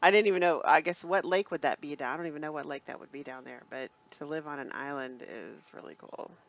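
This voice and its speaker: Gravelly woman chatting live. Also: sits low, lo-fi sound. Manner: chatty, laughs often, emotional and halting. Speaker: livestream co-host, shop owner. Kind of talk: casual live chat.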